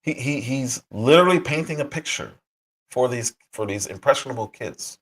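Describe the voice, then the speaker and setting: Indignant husky-voiced male commentator. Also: mid-range voice, expressive, normal speed, fairly bright tone. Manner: sarcastic and indignant, with mocking asides. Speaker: livestream commentator. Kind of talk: reaction commentary.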